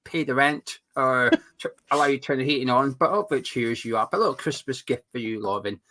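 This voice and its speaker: A man hosting a casual live stream from home, animated, swearing freely and reading out viewer comments. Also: mid-range voice, fast. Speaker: host. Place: home room.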